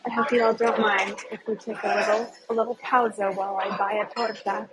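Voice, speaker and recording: Speaking a little fast with hardly any pauses, this woman has a medium-pitched voice with little pitch movement, heard over a noisy background. As a tour guide and travel vlogger, she leads a casual live walking tour outdoors in a small hillside village, chatty and enthusiastic, often asking viewers questions.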